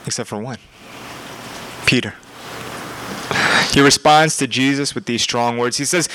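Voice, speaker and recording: A man's voice: mid-range voice, unhurried, pauses often, a little hiss or hum, poor audio. Conversational young male preacher. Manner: conversational, animated, with laughs and emphatic repetition. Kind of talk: sermon.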